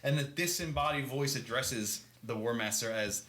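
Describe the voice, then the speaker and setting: Man, podcast co-host, rambling casual recap, bright forceful voice, roomy echo. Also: medium pitch, normal speed. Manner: loose and rambling, laughs often, swears casually. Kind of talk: casual chat recapping a novel. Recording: echoey room.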